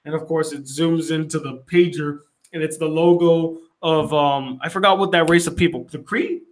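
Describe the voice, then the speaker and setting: A man's voice: a little high, normal speed. A young man, a film critic, casually recapping a movie scene by scene and acting out the characters' lines. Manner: animated retelling with acted-out quotes.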